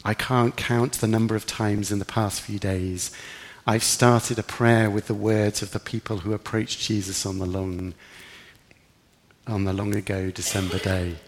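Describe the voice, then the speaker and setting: A man's voice: on the low side, flat delivery, measured pace, big-room sound. A man preaching a sermon in an earnest, reflective way, lifting his voice for emphasis. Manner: earnest, reflective, rising with emphasis in quoted prayers.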